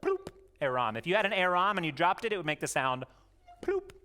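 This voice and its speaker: A man's voice: on the high side, expressive, fast, bright, forceful tone. A man giving a playful home lesson to his young daughters, coaxing them to repeat words and joking as he goes. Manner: goofy, jokey, coaxing. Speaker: homeschooling parent teaching his daughters.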